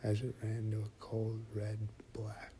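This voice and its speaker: A man narrating a first-person horror story in a slow, hushed voice that often drops to a whisper. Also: fairly low pitch, monotone, a little hiss or hum.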